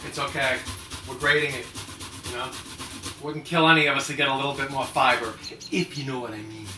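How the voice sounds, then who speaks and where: A man's voice: mid-range voice, fairly even intonation, fairly quick, sharp tone, reverberant, recorded from a distance, a little hiss or hum. Wisecracking man hosting a cooking show. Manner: joking asides, wisecracking. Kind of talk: comedic cooking demonstration. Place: home kitchen.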